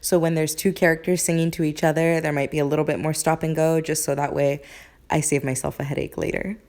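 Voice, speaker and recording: A woman's voice: sits low, level tone, fast, a little mellow. Chatty young woman filming a home vlog. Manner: chatty and upbeat, with filler words. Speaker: musical theatre performer and vlogger. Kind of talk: casual behind-the-scenes vlog. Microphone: phone camera, sometimes set far off.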